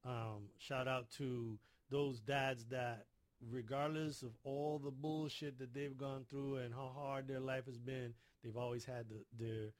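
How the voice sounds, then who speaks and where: A middle-aged man talking casually on a podcast, rambling and stumbling over repeated words. His voice sits at an ordinary pitch. The sound is dry and close, with no room echo. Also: flat delivery, unhurried. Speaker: podcast host. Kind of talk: casual chat.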